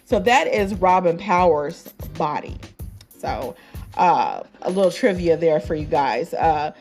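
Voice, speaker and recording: This podcast host talks through an album in a relaxed, rambling way, full of fillers and side comments, and she laughs at her own jokes. She speaks unhurriedly and expressively in a fairly low, darkish voice, with faint music in the background.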